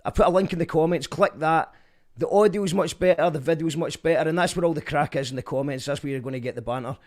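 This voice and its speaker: Chatty radio host, high voice. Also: male voice, quick pace, a little mellow. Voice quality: chatty, reads out comments. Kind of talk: live online radio show hosting.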